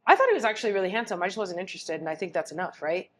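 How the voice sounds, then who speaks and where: A woman with a somewhat low voice chats as a guest in an interview. She tells lively, animated stories and acts out the men in them, laughing often. A faint hiss sits under the recording. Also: rapid-fire. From Phoenix, Arizona. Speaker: guest artist. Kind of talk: casual interview chat.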